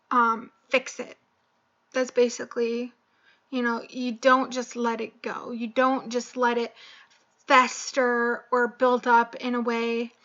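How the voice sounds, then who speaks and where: A young woman talking slowly and haltingly in a personal video, choked up and emotional, with many pauses and fillers. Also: fairly high pitch, pushed and bright, highs cut off. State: tearful, choked up. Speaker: vlogger. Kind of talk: personal confessional vlog.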